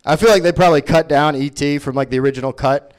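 A man doing a stand-up comedy set, profane and mocking, with quick voices for the people he makes fun of. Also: on the high side, smooth. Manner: profane, animated, mocking impressions.

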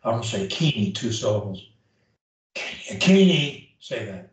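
A man's voice: on the low side, very animated, normal speed. Emphatic male speech coach, echoey room. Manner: emphatic, demonstrates drills aloud. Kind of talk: one-on-one coaching session. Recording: very echoey room, mic at a distance.

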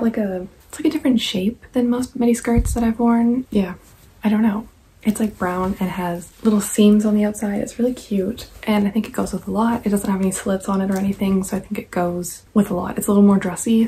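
Chatty young woman, soft mellow voice. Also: mid-range voice, slight background noise, rough recording. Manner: chatty, rambling, lots of "like" and "I don't know"; partly whispering. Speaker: vlogger. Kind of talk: casual haul chat to camera. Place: at home, indoors.

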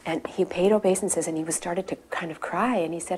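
There are hardly any pauses as this middle-aged woman rushes through a personal memory of her spiritual teacher in a lowish, dark, breathy voice. She speaks with devotion and reverence, building the tale toward greater intensity.

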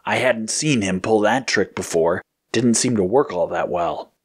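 A man's voice: lowish voice, unhurried, husky. A man as a brash, uneasy space agent. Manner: uneasy, hasty.

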